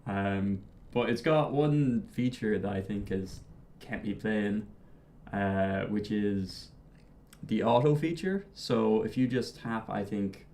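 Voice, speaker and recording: A man's voice: lowish voice, animated, takes it slowly, a little mellow. A man on a casual group podcast, explaining things easily with a few fillers. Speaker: podcast guest.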